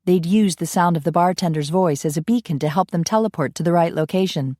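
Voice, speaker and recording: A woman narrating a romance audiobook in a steady storytelling manner. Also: lowish voice, fast talker, dry recording, clean studio sound. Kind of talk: scripted narration.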